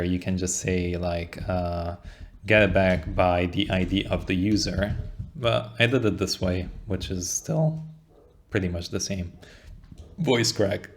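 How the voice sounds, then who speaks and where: A young coding tutorial instructor walks through code in a casual screen-share, thinking out loud and frequently checking in with "right?" His voice is deep, with slight background noise.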